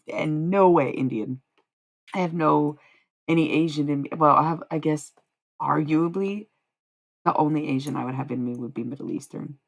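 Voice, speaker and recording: Tarot streamer on a live stream: gravelly, swearing, confrontational, rambling. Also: medium pitch, fairly bright tone. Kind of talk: casual live stream talk.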